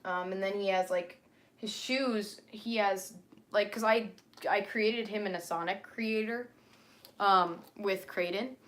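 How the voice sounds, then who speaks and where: A woman's voice: mid-range voice, steady tone, measured pace, a bit bright. A young woman chatting casually on a livestream about her character, rambling with many fillers and restarts.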